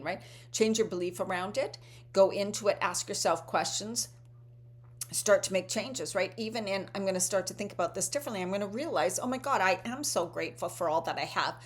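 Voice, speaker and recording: A woman in her fifties giving an earnest motivational talk as a wellness coach, often checking in with "right?". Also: mid-range voice.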